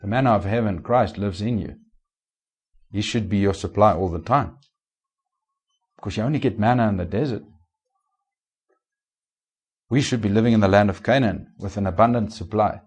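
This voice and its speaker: A man preaching a sermon as pastor, asking the congregation rhetorical questions and swinging between raised and hushed delivery. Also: fairly low pitch, normal speed, long pauses, slightly rough.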